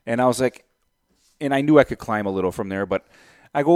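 Speaking quickly in a clean, medium-pitched voice, this man is a real estate investor telling a story to camera in a dry studio recording. His retelling is animated: he plays both parties in a deal and does the math aloud as he thinks it through.

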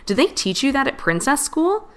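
A woman voicing a shy, gentle boy hedgehog in a storybook reading. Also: high voice, very animated, normal speed, voice pushed up. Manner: shy, soft.

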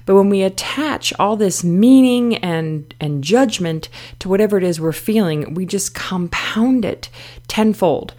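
A middle-aged woman hosts a self-help podcast in a mid-range, slightly mellow voice, animated but a little slow. Her casual talk is conversational, full of "you know" fillers and restarts.

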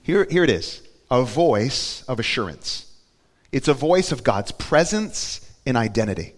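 A male pastor preaching a sermon in a conversational way, asking the congregation questions and building to loud, emphatic peaks. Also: mid-range voice, big pitch swings, measured pace, in a large hall. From Florida.

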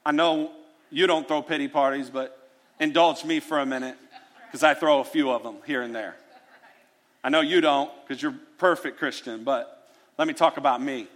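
A man preaching a sermon, acting out prayers and Bible scenes in an animated way. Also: medium pitch, moderate pace. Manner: animated, dramatizes prayers with rising voice. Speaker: pastor.

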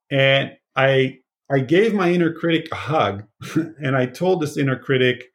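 A man's voice: mid-range voice, lively intonation, moderate pace. A man who taught positive psychology, talking casually and animatedly with many fillers. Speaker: former positive psychology teacher. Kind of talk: casual conversation.

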